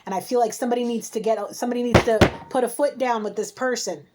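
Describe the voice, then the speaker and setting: A woman's voice: on the high side, fairly even intonation, quick pace, heavy background noise. A woman giving a heated spiritual card reading, scolding emphatically and repeating herself as she rants. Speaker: intuitive card reader.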